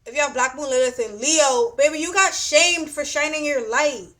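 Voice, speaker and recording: Young woman, high voice, blunt and profane, casual astrology talk with lots of filler phrases. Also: moderate pace, fairly bright tone. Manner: blunt, profane, repeats "you know what I'm saying". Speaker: astrology reader.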